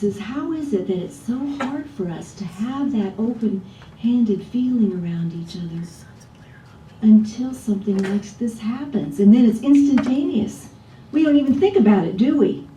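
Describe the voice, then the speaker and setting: A woman minister preaching a conversational sermon, chatty and often asking the congregation rhetorical questions. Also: warm tone. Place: church sanctuary. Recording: roomy, distant church sound with faint rumble.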